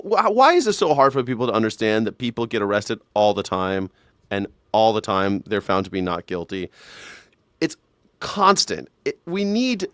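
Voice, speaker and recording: A man's voice: on the high side, dry recording. Profane male host in a sarcastic rant, dry close sound. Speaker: live show host. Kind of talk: ranting reaction commentary.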